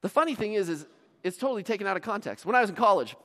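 A high-pitched male pastor delivers a sermon in a large church auditorium. His storytelling is animated, sinking to near hushes and rising to shouts. The hall gives his voice a long, lingering reverb. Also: racing. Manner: animated storytelling, dramatic swings from quiet to shouting.

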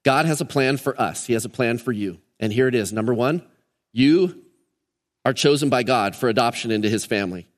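During a Sunday service, a man with a medium-pitched voice preaches briskly from the church sanctuary as pastor. His earnest, emphatic style pounds key words in threes, all under the long reverb of the church hall.

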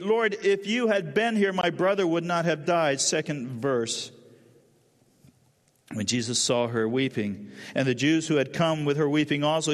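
Man, pastor, sermon, slightly high voice, long hall reverb. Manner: emotional, drops to soft low voice at solemn lines.

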